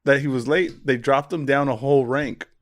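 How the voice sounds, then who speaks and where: A young man co-hosting a podcast, joking in quick casual banter. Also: mid-range voice, fairly even intonation, no echo. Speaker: podcast co-host. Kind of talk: casual chat.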